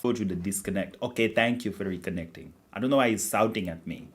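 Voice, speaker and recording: A man's voice: fairly low pitch, fast talker, hardly any pauses, slight background noise. A man hosting a livestream, wrapping up in a rambling, chatty way with lots of fillers. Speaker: livestream host. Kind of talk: casual livestream outro chat.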